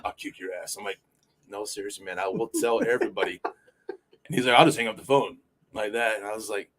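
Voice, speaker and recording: A brisk, lowish male voice with a fairly bright tone comes through over slight background noise. He's filling in as a podcast co-host, chatting casually, rambling through profane stories padded with "you know" and similar fillers.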